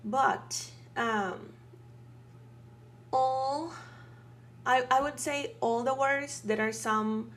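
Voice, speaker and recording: Woman teacher going thru a beginner lesson, slow and patient, lots of um and right?. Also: sits high. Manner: slow, patient, with many fillers and checking "right?". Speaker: Spanish teacher. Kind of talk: online language lesson.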